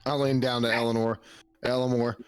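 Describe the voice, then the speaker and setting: A man's voice: medium pitch, fairly quick, smooth. A man casually playing a tabletop role-playing game, laughing often and swearing as he jokes around in and out of character. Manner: laughing, crude, animated. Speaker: player.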